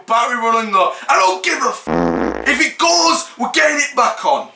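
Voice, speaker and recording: Ranting Yorkshire lad with a bright voice. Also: male voice, extremely high pitch, huge pitch swings, moderate pace, gravelly. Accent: Hull, East Yorkshire. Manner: exasperated, sarcastic, swears a lot, mocks with put-on quotes. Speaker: vlogger. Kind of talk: ranting reaction commentary. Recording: echoey room.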